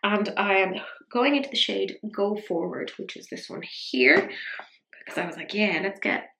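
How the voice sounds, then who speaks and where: Gravelly woman doing makeup chat. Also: mid-range voice, animated, normal speed, sharp tone, echoey room. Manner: chatty, self-mocking, drops into whispers while applying. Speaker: beauty vlogger. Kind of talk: casual makeup tutorial chat.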